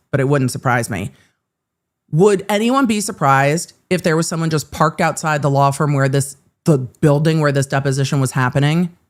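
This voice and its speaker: In a low voice, a woman hosts a live-streamed legal commentary show, reading court filings aloud and cutting in with sarcastic, exasperated asides.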